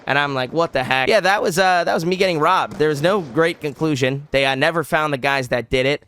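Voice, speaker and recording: Young guy vlogging a story, bright clear voice, rambly and animated, lots of "like". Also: fairly high pitch, fairly quick. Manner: animated, rambling with many likes and restarts. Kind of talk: casual storytelling.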